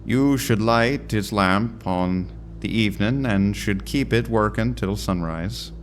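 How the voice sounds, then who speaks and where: A man voicing an old-timey, gruff male boatman with a put-on Irish accent and slow, drawn-out delivery. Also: on the low side, slight background noise.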